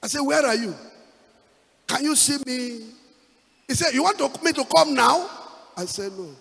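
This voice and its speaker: A pastor preaches in a very high, lively voice, drifting into sung lines and rising to loud calls. His words ring through a big reverberant church hall with soft music underneath. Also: normal speed, vocal fry, breathy edge. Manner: emphatic preaching, half-sung phrases, rising to loud exhortation. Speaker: pastor giving a testimony. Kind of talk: sermon testimony. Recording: echoey hall with music behind.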